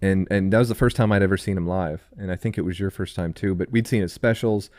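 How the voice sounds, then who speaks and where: Man, lowish voice, easygoing co-host, dry recording. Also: fast talker, a little mellow, no room sound. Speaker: podcast co-host. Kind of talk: casual chat.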